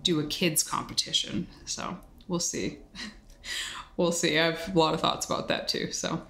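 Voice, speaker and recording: Chatty woman podcast co-host, lowish voice. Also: fairly even intonation, moderate pace, vocal fry, fairly bright tone. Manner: chatty, tangent-prone storyteller. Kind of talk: casual podcast chat.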